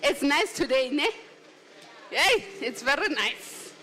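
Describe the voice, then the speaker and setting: Hosting an awards ceremony in a large function hall, a woman announces winners with exuberant, teasing energy, cheering with shouts. Her high voice swings widely in pitch, she speaks slowly, and there's slight background noise.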